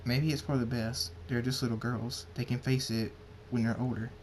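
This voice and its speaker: Guy doing a loyal pony lord, solemn, kinda halting, faint rumble behind. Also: level tone, close to an everyday voice, rough recording. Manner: plain, halting read with restarts.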